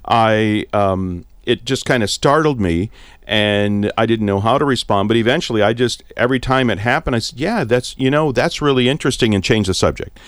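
Radio host, male, slightly low voice, dry studio mic, relaxed interviewer. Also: normal speed, no room sound. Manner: relaxed conversational, occasional fillers. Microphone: studio microphone.

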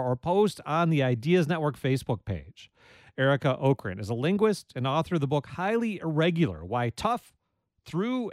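A man hosts a public radio call-in show, warm in his phrasing and quick to chuckle. His voice sits a little high. The studio sound is dry and close. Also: no echo. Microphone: studio microphone.

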